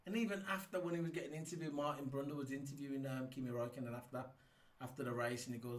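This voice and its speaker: A man giving a casual, rambling race review, excitable and full of ums and restarts. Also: medium pitch, fast, distant mic. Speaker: F1 YouTube reviewer. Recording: echoey room, set back from the mic.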